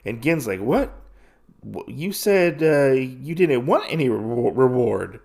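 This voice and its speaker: Male podcast host, middle pitch, loose filler-heavy storytelling, dips into quick character voices. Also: big pitch swings, vocal fry, a little mellow. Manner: rambling, filler-heavy retelling. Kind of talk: casual comic recap.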